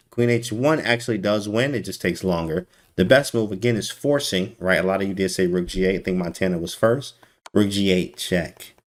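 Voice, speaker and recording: A man giving casual, teasing chess commentary on a live stream and talking to his chat. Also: lowish voice. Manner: animated, teasing, talks to chat.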